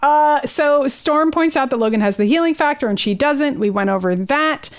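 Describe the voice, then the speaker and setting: A woman's voice: sits high, animated, moderate pace. A woman co-hosting a podcast, casually recapping a cartoon episode in a sarcastic, rambling way. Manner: sarcastic, rambling, acts out character lines. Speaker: podcast co-host.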